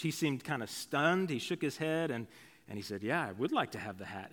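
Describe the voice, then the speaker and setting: A man's voice: on the high side, a bit bright. A male pastor preaching a sermon in a conversational, storytelling way, with casual asides. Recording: long hall reverb.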